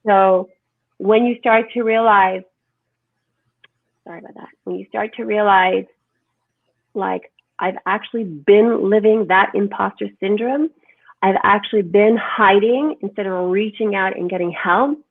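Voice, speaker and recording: A woman speaking as a holistic health guest in an animated, emphatic conversational interview, often asking "right?". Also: medium pitch, a little slow, no room sound. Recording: tinny phone-like line, dry.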